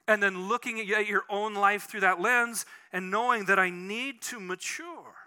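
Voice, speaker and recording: A man preaching a conversational sermon as pastor, animated and telling personal stories, often restarting his sentences. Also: high-pitched, moderate pace, few pauses, clean tone.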